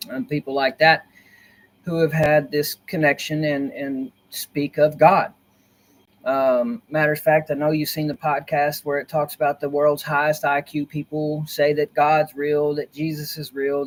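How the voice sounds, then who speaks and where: A man on a casual livestream, speaking into his laptop from a cozy, dim corner of his room. His voice sits a little high, and he rambles and circles back over his points. He sounds earnest and conspiratorial. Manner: rambling, repeats himself. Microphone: laptop built-in mic.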